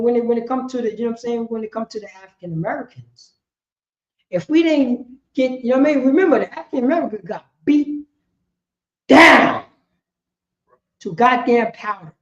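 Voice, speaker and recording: A woman with a fairly high voice speaks at a moderate pace, leading an informal group lesson. She quizzes her listeners and often asks "you know what I'm saying?" The room is echoey and the sound dull and muffled.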